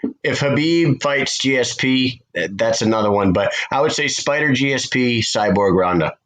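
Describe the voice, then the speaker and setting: A man from the United States, co-hosting a podcast and telling stories in a loose, profane, animated way. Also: medium pitch, normal speed, rough recording. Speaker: podcast co-host. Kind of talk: casual chat.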